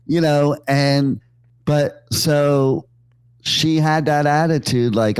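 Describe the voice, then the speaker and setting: A man's voice: mid-range voice, steady tone, very slow, a little mellow, smooth, no room sound. A man hosting a radio show, telling loose, joking stories with many fillers and asides. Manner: rambling, jokey, full of fillers and asides. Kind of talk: casual on-air storytelling. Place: radio studio.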